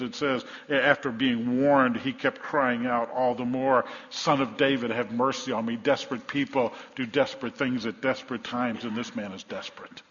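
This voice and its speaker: A medium-pitched man with a sharp tone gives a sermon, narrating a Bible story vividly and acting out what the crowd says. The audio is dull, echoing with long reverb in a hall.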